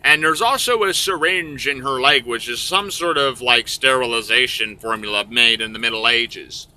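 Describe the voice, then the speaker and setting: A man's voice: medium pitch, normal speed, pushed and bright. A man telling a crude comic story, rambling and profane.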